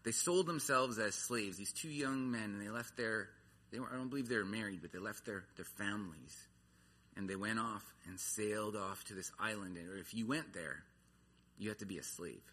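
A man's voice: lowish voice, moderate pace, bright, forceful tone, slight background noise. A man preaching a sermon, earnest, his voice rising and falling in intensity. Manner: earnest, rises and falls in intensity.

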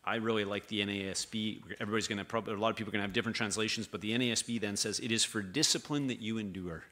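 Bright-voiced man preaching casually. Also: fairly low pitch, fairly even intonation, very fast. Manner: conversational preaching, reading scripture with restarts and asides. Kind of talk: sermon.

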